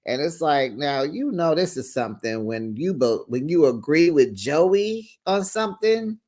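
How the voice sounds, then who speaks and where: Sassy, animated reality-TV recap host. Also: mid-range voice, a little slow. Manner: sassy, teasing, animated, calls viewers honey. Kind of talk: casual reality-show recap commentary.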